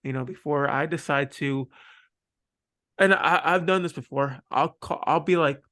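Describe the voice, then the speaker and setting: A man hosts a casual podcast conversation. His voice sits somewhat high for a man. He talks in a loose, halting way and circles back over his own words. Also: sharp tone. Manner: halting, loose storytelling with many repeated starts. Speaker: podcast host.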